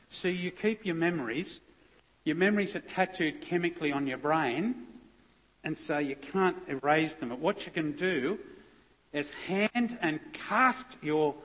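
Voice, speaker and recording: A man's voice: a little high, a bit bright. A middle-aged man, a police officer giving a heartfelt, conversational personal testimony as a guest speaker. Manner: heartfelt, conversational storytelling with restarts. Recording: long echoey hall reverb.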